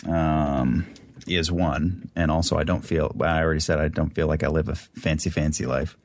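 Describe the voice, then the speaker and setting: A middle-aged man with a New Jersey accent, talking in a laid-back, wry way as a guest in a casual interview. His voice sits very low and comes through dry and close, with no room sound. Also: level tone, moderate pace, no echo. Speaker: voice actor guest.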